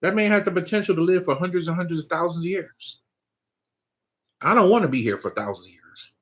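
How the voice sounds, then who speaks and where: A man's voice: high voice, animated, fairly quick. A man, giving a casual, loose spiritual talk to his viewers, often asking if they follow him. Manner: loose, conversational preaching with frequent laughs and "you know what I'm saying". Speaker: spiritual teacher.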